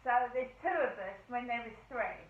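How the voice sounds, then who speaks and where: A woman talks in a rambling, indignant casual monologue with a high-pitched voice. The sound is tinny and phone-like, with a roomy echo around it. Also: animated, normal speed, distant mic. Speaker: vlogger.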